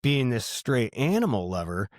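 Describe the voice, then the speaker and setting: A man's voice: medium pitch, very animated, normal speed, no room sound, clean studio sound. Rambling, profane man hosting a podcast. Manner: rambling, profane storyteller with fillers like "you know". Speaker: podcast host. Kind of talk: casual podcast chat.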